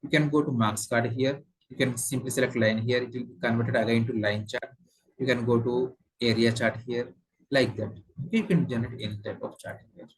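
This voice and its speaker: Male trainer, Indian English accent, mid-pitched husky voice, patient step-by-step tutorial delivery with fillers. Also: steady tone, a little fast, poor audio. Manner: explains step by step with many fillers and repeats. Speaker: software trainer. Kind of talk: screen-share tutorial lesson.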